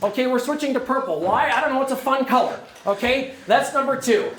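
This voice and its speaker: A man giving an energetic, joking presentation to a room of prospective camp staff, often turning to the audience with questions. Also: very high-pitched, brisk, slight background noise. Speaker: camp director recruiting staff. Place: lecture room. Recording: roomy hall echo.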